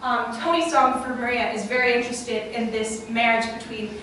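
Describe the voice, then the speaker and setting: Bright-voiced young woman presenting in a room. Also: fairly high pitch, moderate pace, a little hiss or hum. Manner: chatty, lively, with frequent fillers and asides to the audience. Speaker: workshop presenter. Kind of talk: live classroom presentation. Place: classroom or small auditorium with an audience. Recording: echoey room, far from the mic.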